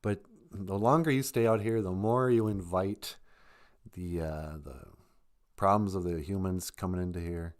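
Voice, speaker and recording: Guy doing a stern panther, firm and matter-of-fact, lowish voice. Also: unhurried. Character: stern, protective male panther.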